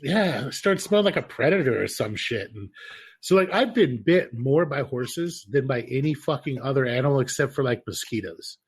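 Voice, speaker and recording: A man co-hosting a podcast, telling rambling stories in a casual, profane, animated way. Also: medium pitch, normal speed, husky. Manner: animated, profane, laughing storyteller. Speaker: podcast co-host. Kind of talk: casual chat, storytelling.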